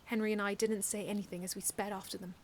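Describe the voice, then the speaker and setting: A woman's voice: mid-range voice, fast talker, a little hiss or hum. Woman earnestly reading her own story. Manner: earnest, expressive reading with frequent restarts. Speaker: fan fiction author reading aloud. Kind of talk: first-person story reading.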